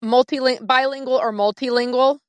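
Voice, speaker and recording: An upbeat woman moderates a video-call panel and laughs easily. Her voice is fairly high, and the sound is dry and close. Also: steady tone, a little fast, dry recording. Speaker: panel host.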